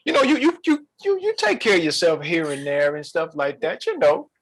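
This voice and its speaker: Man, podcast co-host, high voice, animated, playful, casual relationship chat. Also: fairly quick.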